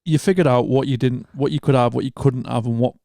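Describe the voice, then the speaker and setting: Male podcast co-host, gravelly, animated storyteller with a loose mouth. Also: mid-range voice, fast talker, no room sound, clean studio sound. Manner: animated storyteller, swears freely, acts out quotes. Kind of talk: casual chat, anecdote telling.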